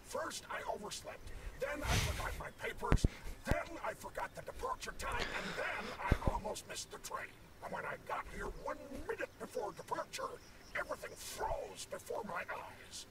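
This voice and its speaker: A jittery superstitious passenger. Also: male voice, very high-pitched, huge pitch swings, moderate pace, full character voice. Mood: frantic. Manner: frantic, insistent. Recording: distant voice over loud game noise.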